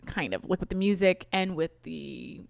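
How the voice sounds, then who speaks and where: A woman's voice: on the low side, animated, moderate pace, gravelly, no room sound, studio quality. A young woman co-hosting a casual podcast chat, laid-back and hedging as she explains things. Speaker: podcast co-host.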